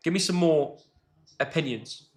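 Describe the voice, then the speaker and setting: A young man co-hosting a football reaction with his dad, full of teasing, rapid-fire banter. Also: a little high. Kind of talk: casual live-reaction chat.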